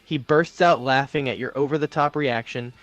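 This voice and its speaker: A man's text-to-speech voice acting as an AI chatbot co-host, narrating its own actions in the third person with smooth, even delivery. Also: mid-range voice, normal speed, dry recording, soft background music.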